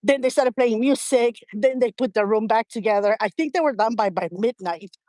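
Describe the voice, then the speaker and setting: A middle-aged woman, a guest on a talk show, telling a family story in a lively way, laughing often and acting out what people said. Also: a little high, moderate pace, dry recording. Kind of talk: conversational storytelling.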